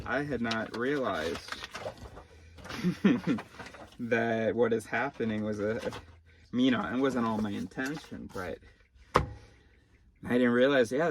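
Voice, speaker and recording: A man's voice: medium pitch, gravelly, a little hiss or hum. A man vlogging in a casual monologue, rambling off on tangents and cutting himself off mid-phrase. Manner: rambling, self-interrupting, tangential.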